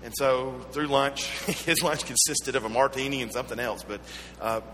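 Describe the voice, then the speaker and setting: A man with a Southern American accent preaching a sermon, mixing earnest teaching with personal stories and gentle humor. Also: medium pitch, normal speed. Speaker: pastor. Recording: echoey hall with faint hum.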